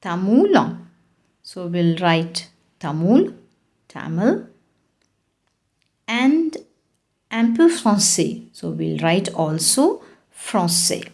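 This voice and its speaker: A woman's voice: on the low side, big pitch swings, very slow, creaky, long pauses, a little mellow. A woman teaching a French lesson online, patiently repeating answers and putting questions to her class.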